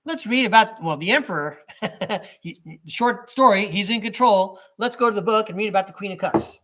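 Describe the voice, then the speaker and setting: Amid a noisy background, a tarot reader and podcast host with a high voice reads live for his chat at moderate speed. He rambles along with plenty of asides, chuckling between thoughts.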